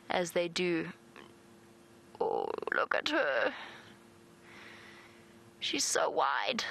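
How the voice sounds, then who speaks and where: A woman presenting live wildlife commentary as a safari guide from an open vehicle, chatty and playful, cooing softly at animals. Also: mid-range voice, gravelly, poor audio. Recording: outdoor vehicle and wind noise.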